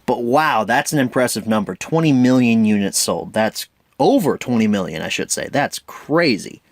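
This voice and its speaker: A man's voice: mid-range voice, lively intonation, moderate pace, dry recording, clean studio sound. A young man in his twenties hosting a casual home media review, chatty and wry, who often stumbles over his words. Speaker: host.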